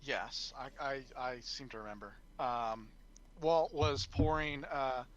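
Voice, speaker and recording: A man co-hosting a podcast in casual chat, speaking haltingly as he searches for words. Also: medium pitch, a bit bright, lo-fi sound, a little hiss or hum. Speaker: podcast co-host.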